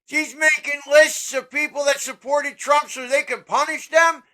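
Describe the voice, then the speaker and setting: High sharp voice, middle-aged, cussing and yelling thru a political rant. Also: steady tone, measured pace, rough recording. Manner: profane, shouting, heated. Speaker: political commentator.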